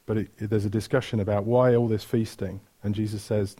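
A man's voice: lowish voice, level tone, fairly quick, mellow. A man preaching a sermon, retelling stories with energy, asking the room questions and correcting himself mid-flow.

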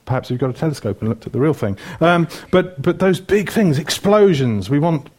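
This time the middle-aged Welshman's voice is a little high and darkish, moving fairly quickly with lively intonation. He preaches a chatty sermon, cracking jokes and listing items amid many ums.

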